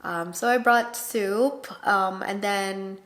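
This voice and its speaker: A woman's voice: mid-range voice, takes it slowly. Chatty woman vlogger telling a story. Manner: chatty, animated, many fillers and quoted dialogue. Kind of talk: casual storytelling to camera.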